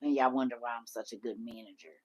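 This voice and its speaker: A woman's voice: rumbling low, fast, husky, lo-fi sound. A middle-aged woman hosting a livestream, reading and answering chat comments with lots of laughter. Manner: animated, laughing often, talks back to chat. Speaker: livestream host.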